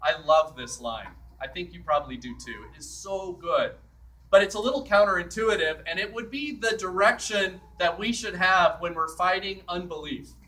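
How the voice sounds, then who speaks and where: High bright-voiced priest preaching. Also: male voice, normal speed, far from the mic, rough recording. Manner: conversational, acts out scripture quotes. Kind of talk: sermon. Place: church.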